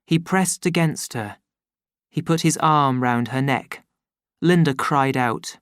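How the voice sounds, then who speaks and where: An audiobook narrator reading at an unhurried, deliberate pace, each sentence set out plainly. The voice sits at a middle pitch, and the recording is dry and close, with no room sound. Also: clean tone, no echo. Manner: slow, measured, plain storytelling. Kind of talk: scripted narration.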